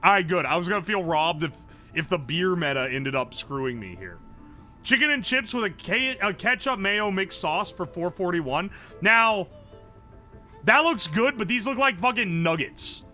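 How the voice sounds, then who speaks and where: A male streamer thinking aloud over a food guessing game, excitable and profane. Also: sits high, normal speed, faint music behind. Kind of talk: casual game commentary.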